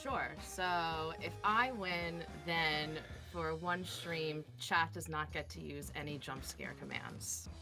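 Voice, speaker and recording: Deep-voiced New York woman, hesitant. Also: lively intonation, slow, few pauses, over music. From South Shore of Long Island, New York. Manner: hesitant, stumbling, laughs easily. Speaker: streamer guest. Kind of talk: casual game show banter.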